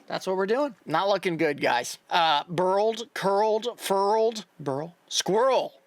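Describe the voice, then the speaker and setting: A man's voice: sits high, measured pace. A man producing a song at home, talking through his work in casual, muttering, self-critical asides. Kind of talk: casual talk while recording a song. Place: home studio. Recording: loud music underneath.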